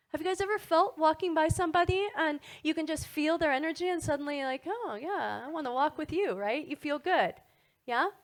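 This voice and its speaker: A middle-aged woman giving a motivational wellness talk to an audience, animated and asking frequent tag questions. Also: sits high. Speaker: wellness speaker.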